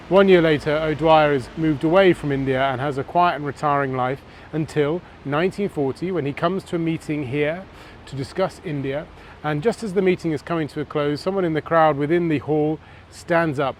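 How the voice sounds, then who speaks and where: Male history presenter, slightly higher voice, storytelling on location with faint traffic behind. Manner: storytelling, conversational, dramatic pauses. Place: outdoors on city streets.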